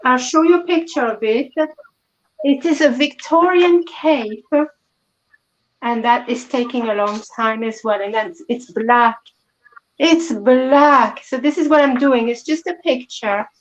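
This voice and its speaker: A woman's voice: high-pitched, a little slow, highs cut off. A woman from France with a French accent, a native French speaker chatting as a guest over her phone, polite and slightly formal. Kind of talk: casual chat over a phone call.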